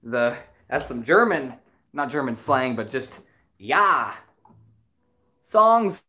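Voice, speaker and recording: A livestream host and musician chatting casually with viewers, giggling often and rambling excitedly between songs. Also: medium pitch, slow, pauses often.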